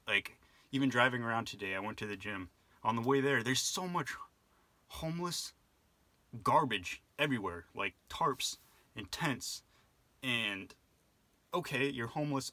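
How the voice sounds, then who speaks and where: A man's voice: medium pitch, bright, forceful tone, no room sound. A young man talking on his own in a rambling, reflective way, with many fillers and restarts, as a vlogger. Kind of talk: casual monologue to camera.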